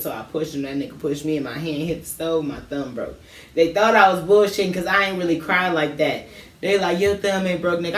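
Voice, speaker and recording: A woman's voice: low-pitched, a little hiss or hum. Woman telling stories in a roomy space. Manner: animated storytelling, heavy slang. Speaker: co-host. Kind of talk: casual chat. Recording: roomy, distant from the mic.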